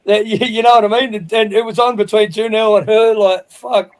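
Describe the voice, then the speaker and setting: High-voiced Australian man telling an angry story. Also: flat delivery, fairly quick, low-quality recording. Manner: heated, profane storytelling with many restarts. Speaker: livestream panel regular. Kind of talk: casual livestream chat.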